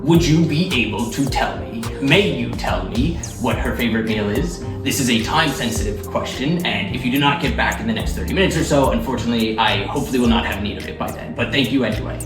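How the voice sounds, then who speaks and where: A man's voice: medium pitch, quick pace, few pauses, distant mic, natural voice. A man doing a pirate accent as a game show contestant, repeating back every yes or no answer in stilted talk. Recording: roomy studio sound, mic from afar, music behind.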